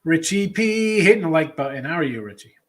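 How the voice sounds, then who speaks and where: A middle-aged man hosts a live sports betting show, chatting loosely with viewers and rambling as he thinks out loud. His voice is a little high, expressive and brisk.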